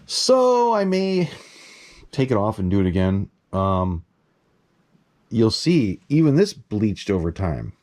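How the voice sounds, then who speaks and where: A man casually showing off his mask collection, talking excitedly in a rambling way and swearing now and then. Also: lowish voice, slow pace, pauses often. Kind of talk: casual show-and-tell vlog.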